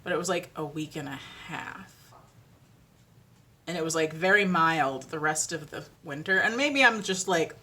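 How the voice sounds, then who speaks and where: A woman's voice: low-pitched, expressive, normal speed, bright, forceful tone. A woman vlogging from home in a casual, rambling chat, with lots of "like" and laughter. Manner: chatty and rambling, with many fillers and laughs. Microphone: ring-lit camera.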